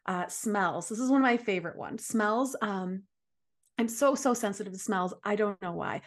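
A woman, a Reiki practitioner, giving soft, gentle calming advice as a podcast guest. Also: mid-range voice, moderate pace.

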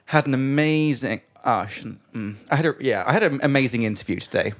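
A man's voice: medium pitch, quick pace. A man hosting a podcast in casual chat, talking in an upbeat, self-mocking way and laughing often. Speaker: podcast host.

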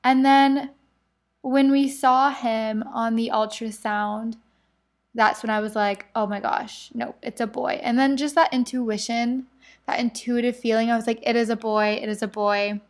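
Tearful, higher-voiced pregnant woman sharing news. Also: fairly even intonation, measured pace. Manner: emotional, often tearful, laughing through tears. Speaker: podcast host. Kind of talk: personal podcast chat, reading her journal aloud.

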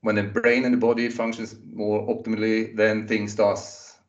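A man's voice: fairly low pitch, flat delivery, moderate pace, recorded from a distance, dull audio. A man hosting an interview who speaks thoughtfully and rambles a little, with frequent fillers. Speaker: interview host. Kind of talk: conversational interview.

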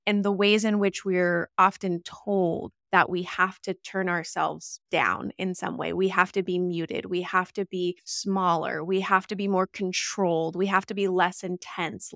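A woman's voice: on the low side, fairly even intonation, normal speed, creaky, hardly any pauses, a bit bright, no echo, clean studio sound. A woman podcast host, talking earnestly and stacking ideas in lists as she sets up her question. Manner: earnest, list-like phrasing. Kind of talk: podcast interview.

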